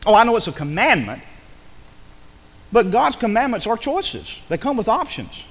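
A man preaching a sermon in a church, animated and conversational, with quick asides and acted-out quotes. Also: sits high. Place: church sanctuary. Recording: long hall reverb.

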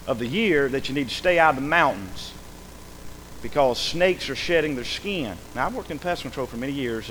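Folksy pastor in a reverberant church. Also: male voice, medium pitch. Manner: folksy, animated preaching with repeated words. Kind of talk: sermon. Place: church sanctuary. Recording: long hall reverb, faint noise.

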